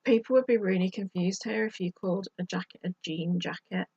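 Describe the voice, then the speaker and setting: Low, flat, gravelly woman. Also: brisk, no echo, lo-fi sound. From United Kingdom. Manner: chatty, exasperated asides. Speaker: YouTube vlogger. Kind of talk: casual advice to camera.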